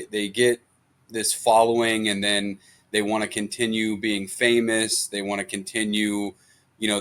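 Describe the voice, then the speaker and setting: A man talks loosely and ramblingly as a guest, piling up fillers while he reacts. His voice sits a little low and stays conversational. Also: fairly bright tone. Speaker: guest, client. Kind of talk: casual reaction chat.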